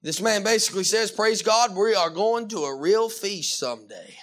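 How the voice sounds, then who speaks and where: A man preaching a sermon, animated and emphatic, with frequent restarts and calls of amen. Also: high voice, normal speed. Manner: animated, with many restarts and Southern-style "y'all".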